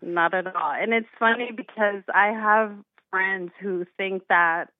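A woman's voice: mid-range voice, unhurried, no room sound. A woman calls in to a radio show, emotional and full of gratitude, with frequent giggles. Her voice comes through a tinny phone line with a dry sound. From California. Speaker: caller.

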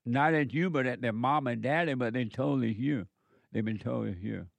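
A man's voice: mid-range voice, normal speed, gravelly, no echo. A man hosting call-in talk radio who preaches emphatically and repeats his points for effect. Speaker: radio talk show host.

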